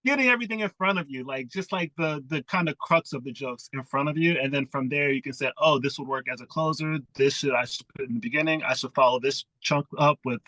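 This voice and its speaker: A man's voice: medium pitch, fast talker, few pauses, bright, forceful tone, dry recording, poor audio. A man, a comedian, chatting casually about writing his sets, acting out his own thoughts as he talks.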